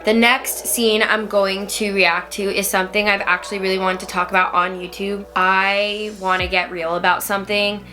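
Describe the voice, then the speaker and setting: A woman's voice: medium pitch, level tone, normal speed, hardly any pauses, over music. A young woman chatting candidly as she reacts to scenes from her own show. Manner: candid, chatty, self-critical. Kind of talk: casual vlog commentary.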